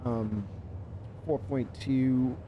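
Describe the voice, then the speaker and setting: A man's voice: mid-range voice, fairly even intonation, very slow, muffled recording, noisy background. A man streaming a video game live, chatting loosely, cursing and laughing at what happens on screen. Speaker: livestreamer. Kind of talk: live gameplay stream commentary.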